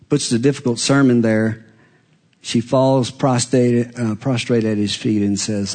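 A man preaching a sermon, swinging dramatically between hushed, quiet passages and loud, raised ones. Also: mid-range voice, moderate pace, breathy edge.

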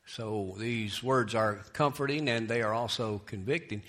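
Pastor, male, bright tone; folksy preacher, soft asides and emphatic scripture reading. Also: on the low side, moderate pace, hardly any pauses. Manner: folksy, tells jokes and restarts phrases. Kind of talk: sermon.

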